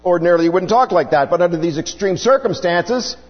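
A man's voice: high-pitched, animated, fast talker. Earnest preacher man in an echoing hall. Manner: earnest, explanatory, rhetorical questions. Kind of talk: sermon teaching on scripture. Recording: dull lo-fi recording with long hall reverb.

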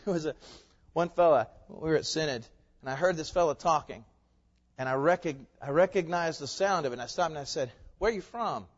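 A preacher with a high-pitched male voice delivers an impassioned sermon in a church. He fires off rhetorical questions, drops to a hush, then surges back up. The recording is dull and lo-fi, with a long hall reverb trailing each phrase. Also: fairly quick. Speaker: pastor. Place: church sanctuary.

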